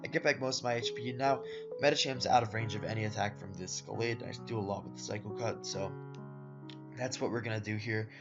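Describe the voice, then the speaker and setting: Speaking a bit quickly in a fairly low, evenly pitched voice, this man gives relaxed, rambling commentary over his own competitive game matches, using plenty of fillers and addressing viewers as "guys" and "boys." Soft guitar music plays under a dull, lo-fi recording.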